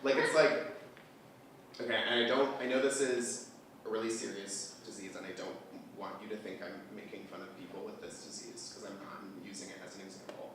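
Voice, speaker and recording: A man's voice: fairly low pitch, steady tone, fairly quick, background noise. A young man doing stand-up comedy before a live audience, talking in a rambling way with lots of fillers and acted-out quotes. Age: young adult. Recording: roomy echo, distant from the mic, audience laughter.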